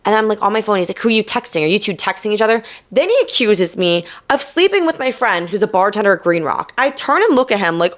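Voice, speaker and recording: A young woman from New Jersey hosting a podcast, telling a night-out story in a casual, animated way, swearing and quoting people with sass. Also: medium pitch, fast, hardly any pauses. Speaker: podcast host.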